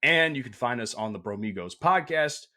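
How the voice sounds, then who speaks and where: A man hosting a podcast, talking casually and crudely, with plenty of swearing and loud laughter. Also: medium pitch, animated, moderate pace. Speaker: podcast host. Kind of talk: casual chat.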